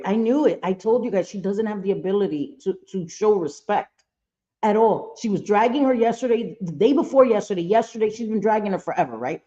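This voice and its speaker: A woman hosting a livestream who rants in anger and circles back to the same phrases again and again. Her voice is mellow and dark, and the sound is dull and lo-fi. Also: mid-range voice, lively intonation, brisk. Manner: angry, ranting, repeats herself. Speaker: livestream host. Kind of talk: casual livestream commentary.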